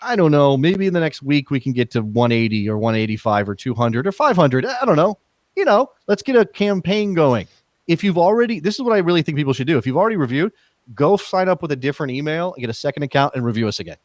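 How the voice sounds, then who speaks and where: A man co-hosts a podcast, trading teasing, joking banter in casual chat. His voice is on the high side and sing-song, he talks fast, and there's no echo.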